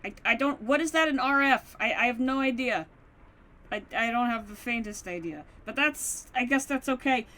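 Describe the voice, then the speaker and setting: A woman with a slightly high, pushed, bright voice casually narrates her modded game at normal speed in let's-play style. She playfully talks to mobs with mock-dramatic taunts and coaches herself through crafting.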